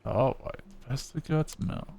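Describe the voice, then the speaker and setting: A chatty man gives relaxed commentary while he plays a video game, reading on-screen dialogue aloud as he goes. His voice sits at a middling pitch, with soft music faintly behind him. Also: measured pace, gravelly. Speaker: gaming video creator. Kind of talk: casual let's-play commentary.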